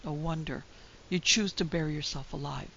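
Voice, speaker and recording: A woman's voice: low voice, normal speed, vocal fry, slight background noise. A woman doing a blunt, scolding young lady. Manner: scolding, impatient, sharp. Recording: dull lo-fi recording.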